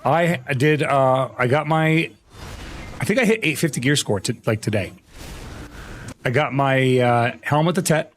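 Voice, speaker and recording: A man's voice: mid-range voice, expressive, measured pace, pauses often. A young man streaming live, chatting casually and rambling with lots of fillers, his throat scratchy and worn.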